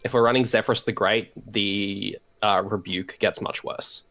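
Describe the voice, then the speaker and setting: An Australian man with a fairly low voice speaks over a voice call, calm and measured. He explains things patiently and pauses often on "um" as he thinks. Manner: relaxed, measured, frequent "um" pauses. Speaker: guest deck expert.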